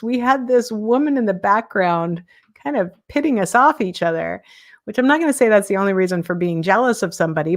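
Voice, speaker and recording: A woman in her fifties, a podcast host, talking candidly in a casual live-stream monologue, self-deprecating and chuckling often. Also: mid-range voice. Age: 50s.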